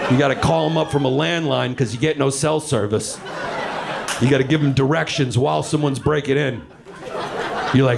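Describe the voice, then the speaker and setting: A man doing a stand-up routine, loud and profane, jumping into shouted rants. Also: medium pitch, steady tone, brisk, creaky. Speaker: stand-up comedian. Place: comedy club stage. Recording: live stage with crowd laughter and ambient noise.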